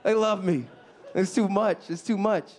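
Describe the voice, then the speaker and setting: Crowd noise and a noisy background fill this clip of a young man from the south side of Chicago performing stand-up at a comedy club for a live audience. His voice sits high, steady in tone and measured in pace, as he acts out characters in funny voices.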